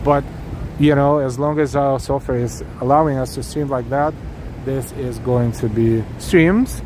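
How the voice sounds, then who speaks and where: A man's voice: mid-range voice, unhurried. Effusive man streaming from noisy streets. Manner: effusive, thanks viewers at length, many restarts and fillers. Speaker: live-stream walking tour host. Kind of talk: casual live-stream chat while walking. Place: city streets outdoors at night. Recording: noisy outdoor street recording. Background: street traffic noise.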